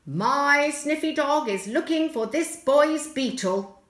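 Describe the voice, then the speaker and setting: Storybook part: woman reading as a slow, self-important man with a sniffy dog, booming and lively in an echoey room. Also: full character voice. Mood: commanding.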